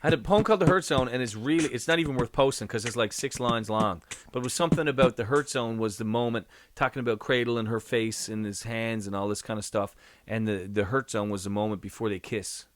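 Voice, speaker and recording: A man's voice: fairly low pitch, a little fast, no room sound. A man co-hosting a casual chat, playful and joking, often breaking into snatches of song. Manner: playful, bursts into song snippets and laughter.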